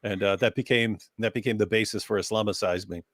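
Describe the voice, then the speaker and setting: A man's voice: lowish voice, fairly even intonation, fast, a bit bright, dry recording, studio quality. A man co-hosting a casual livestream, talking in rambling stretches and often breaking into laughter. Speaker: livestream co-host. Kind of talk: casual live chat.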